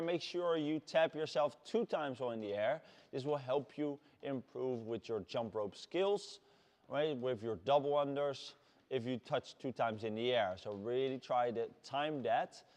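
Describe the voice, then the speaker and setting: A man with a Dutch accent leading a workout class as fitness coach, shouting energetic encouragement. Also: mid-range voice. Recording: long hall reverb.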